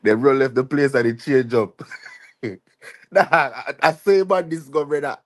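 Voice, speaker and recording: A man's voice: mid-range voice, expressive, normal speed. A man vlogger speaking with a Jamaican patois accent, ranting heatedly and often tagging his lines with "you see me" and "dog". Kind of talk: ranting vlog commentary.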